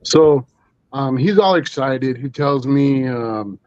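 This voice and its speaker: Over a dull, lo-fi stream with no room sound, a man of middle pitch tells a story as a guest. He rambles and restarts, with fillers all through. His tone is casual. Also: expressive, slow pace, darkish tone, dry recording. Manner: rambling, full of 'you know' and restarts.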